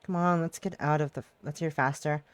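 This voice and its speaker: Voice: medium pitch, fairly even intonation, a little fast, smooth, no room sound. A streamer reading a visual novel's dialogue aloud during a live stream, teary and emotional, breaking into swearing outbursts between lines.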